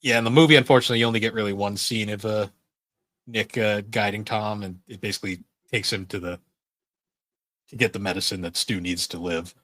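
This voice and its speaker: A man with a lowish voice co-hosts a podcast in loose, relaxed chat. He rambles through plenty of fillers and laughs often, and the recording sounds dry and close. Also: brisk, no echo. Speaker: podcast co-host. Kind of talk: casual chat.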